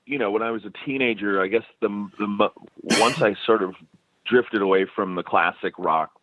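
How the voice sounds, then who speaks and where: A man's voice: lowish voice, normal speed, noisy background. A man telling stories as a musician guest in a casual interview, laughing often and restarting his sentences. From United States. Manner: animated storyteller, laughs often, many restarts. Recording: tinny phone line.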